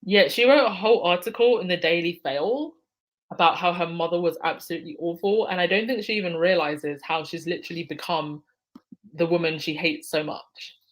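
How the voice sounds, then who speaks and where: A woman's voice: on the low side, a little fast, low-quality recording. A woman hosting a casual live stream, reading out viewer comments and answering them by name, laughing often. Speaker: livestream host reading chat.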